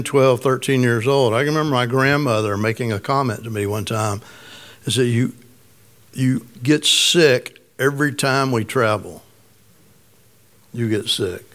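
A middle-aged man preaches in an easy, conversational way, with a slight rasp in his voice. He tells a personal story and turns to the listeners with questions now and then. His pitch sits in the middle. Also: fairly bright tone. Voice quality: slightly raspy. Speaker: pastor. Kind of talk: sermon.

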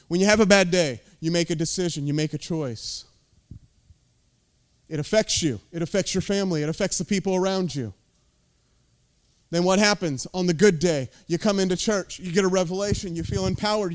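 An American man preaching a sermon as lead pastor, intense and emphatic, with casual asides. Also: sits high.

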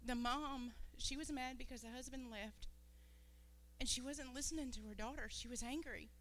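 A woman's voice: sits high, moderate pace, fairly bright tone, slight background noise. A woman giving an earnest, rambling talk to a church congregation, sometimes losing her train of thought.

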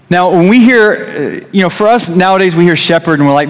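A man's voice: high-pitched, animated, brisk, few pauses, big-room sound. A man in his thirties, a youth pastor, giving a conversational sermon with a personal story, restarting phrases and acting out quotes. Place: church sanctuary.

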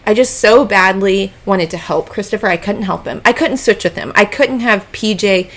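Woman in her 30s on a podcast, chatty storytelling, says y'all a lot, mid-pitched. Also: normal speed. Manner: chatty, animated, addresses listeners as y'all. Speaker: podcast co-host. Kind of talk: casual storytelling chat.

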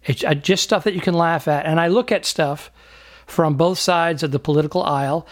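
A man's voice: a little high, brisk. A man co-hosting a casual comedy podcast, rambling and laughing often as he chats. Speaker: podcast co-host.

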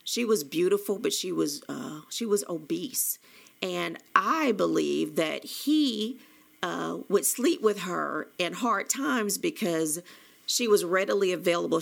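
A woman's voice: on the low side, unhurried, creaky. A woman telling a personal story in a gossipy way, full of fillers and restarts.

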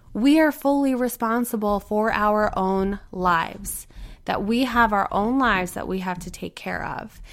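A woman in her thirties hosting a podcast, telling a story and encouraging listeners in an earnest, motivating way. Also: medium pitch. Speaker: podcast host and coach. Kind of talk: podcast monologue with a told story.

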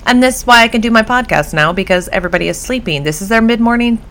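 A woman with a higher-pitched voice speaks quickly, hosting her own home-based podcast about dog behavior. She tells stories in a chatty, animated way, laughing often, in a casual solo-podcast style.

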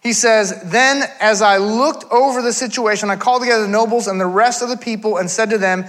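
High, bright-voiced male pastor preaching. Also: fairly even intonation, a little fast, few pauses. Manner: conversational preaching with asides and self-corrections. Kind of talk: sermon. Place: church.

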